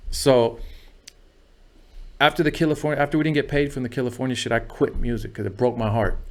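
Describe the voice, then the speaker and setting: A man's voice: mid-range voice, steady tone, fairly quick. A man guesting on a podcast, telling a long story in a loose, profane way, and asking "you know what I mean" again and again. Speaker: music producer guest. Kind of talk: casual storytelling interview.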